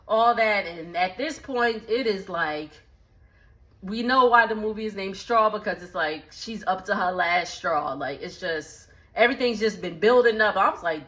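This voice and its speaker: Woman, casual recap host, lively slangy storytelling, crisp bright voice. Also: mid-range voice, unhurried, highs cut off. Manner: chatty, slangy, animated retelling with asides. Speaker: movie recap vlogger.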